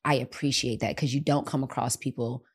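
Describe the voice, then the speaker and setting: A woman's voice: very deep voice, fairly even intonation, a little fast, husky. A young adult woman hosting a podcast, talking in a heartfelt, effusive way that often repeats and restarts phrases. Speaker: podcast host. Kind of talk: heartfelt casual conversation.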